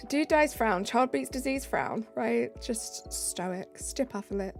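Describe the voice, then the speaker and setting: A woman's voice: fairly high pitch, expressive, slow pace, creaky, few pauses. A British woman streaming live, chatting casually and reading out viewer comments. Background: faint background music.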